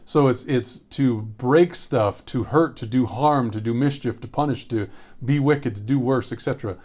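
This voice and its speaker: A man of middle pitch teaches scripture verse by verse in a relaxed, conversational way. He reads the verses slowly and circles back over key phrases for emphasis. He speaks as a pastor guiding listeners through the text.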